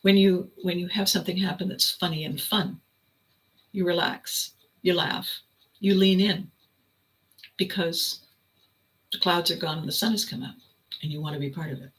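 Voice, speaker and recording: A woman hosting a podcast, telling a story as an animated, laughing storyteller. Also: lowish voice, normal speed, long pauses, poor audio. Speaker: podcast host. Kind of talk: reflective storytelling monologue.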